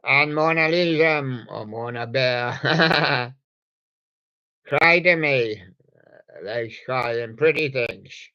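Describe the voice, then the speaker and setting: A man's voice: medium pitch, extremely slow, pushed and bright. A man hosting a live radio show in a meandering, mumbling way, chatting to toy guests on a dull, lo-fi recording. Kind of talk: rambling live radio chat.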